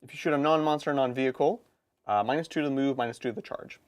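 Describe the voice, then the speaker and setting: A man co-hosting a live stream, chatting casually and quickly about tabletop game rules, with laughs and quick asides. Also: medium pitch, smooth. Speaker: co-host of a tabletop gaming stream.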